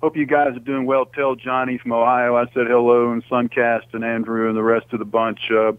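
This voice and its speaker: A male caller talking earnestly to a radio host, halting and restarting often. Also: mid-range voice, little pitch movement, smooth, dry recording. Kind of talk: casual phone chat. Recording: dry tinny phone line.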